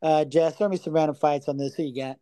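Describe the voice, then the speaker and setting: A man's voice: fairly high pitch, fairly even intonation, fast talker, mellow, no room sound. A man co-hosting a casual sports betting podcast, talking loosely, swearing freely and stumbling over fighters' names. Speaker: podcast co-host.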